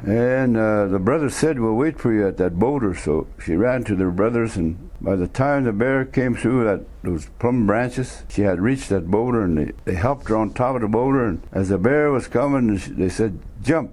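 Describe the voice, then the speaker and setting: A man retelling a traditional legend in an unhurried, plain-spoken way, pausing and restarting as he goes. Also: fairly low pitch, lively intonation, darkish tone. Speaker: storyteller. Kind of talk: oral legend telling.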